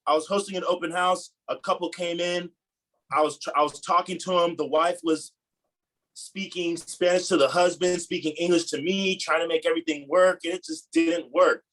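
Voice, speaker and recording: A man's voice: fairly high pitch, a bit bright, poor audio. A man, a real estate agent, telling a casual story on a team call in a slangy, laid-back way. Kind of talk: casual anecdote on a video call.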